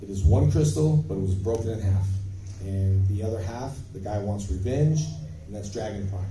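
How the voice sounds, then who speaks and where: A man telling stories as a guest on a convention panel, in an animated, emphatic way with bursts of volume, recorded on a phone from the audience. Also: lowish voice, background noise. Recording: echoey hall, phone from far off.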